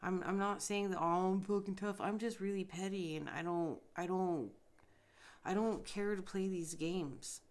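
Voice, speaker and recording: A woman's voice: mid-range voice, steady tone, measured pace, darkish tone. A woman hosting a podcast, talking bluntly and emphatically in a casual spiritual monologue, with frequent swearing. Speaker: podcast host.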